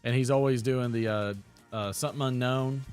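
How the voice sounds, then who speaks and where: A man's voice: medium pitch, fairly quick, clear, resonant tone, soft background music. A man co-hosting a live stream, chatting casually and joking as he reads the comments. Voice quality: lively, joking, with sudden put-on voices. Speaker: podcast co-host.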